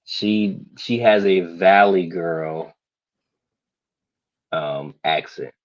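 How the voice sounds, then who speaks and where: A man's voice: low voice, very slow, dry recording, dull audio. A man chatting casually on a livestream panel, hesitant and restarting, with small chuckles. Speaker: panel guest.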